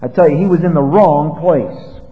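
A man preaching an expository sermon, retelling a Bible story in a conversational, animated way. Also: fairly high pitch, moderate pace. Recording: dull lo-fi with long reverb.

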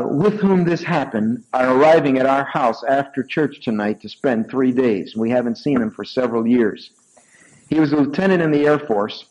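The recording is rough, but it carries an older pastor's medium-pitched voice as he preaches in a church sanctuary. Storytelling from his own life, he drives points home by leaping from gentle asides to raised, emphatic peaks.

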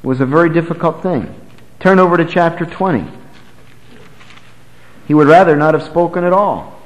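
A man preaching a sermon, swinging from loud, high emphasis to low, quiet lines, and reading scripture aloud in old-fashioned English. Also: moderate pace, long reverb tail, poor audio. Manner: emphatic, rises and drops sharply in pitch and volume.

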